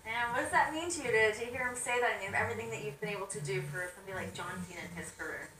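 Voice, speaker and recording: A woman's voice: medium pitch, rapid-fire, pushed and bright, slight background noise. A woman hosting an interview, asking questions in an upbeat way. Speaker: show host. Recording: roomy room sound, mic far off.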